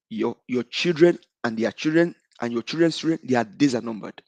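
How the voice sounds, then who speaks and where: A man's voice: mid-range voice, moderate pace, gravelly, few pauses, a little mellow, dry recording, low-quality recording. A middle-aged Nigerian man calling in with an impassioned political speech, fervent and repetitive, slipping into Yoruba. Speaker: caller. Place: living abroad, calling in.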